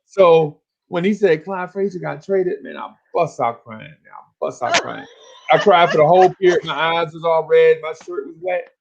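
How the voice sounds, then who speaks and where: Lively New man telling a story. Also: fairly high pitch, moderate pace, gravelly, lo-fi sound. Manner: animated storyteller, acts out voices, laughs along. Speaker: podcast co-host. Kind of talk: casual storytelling chat.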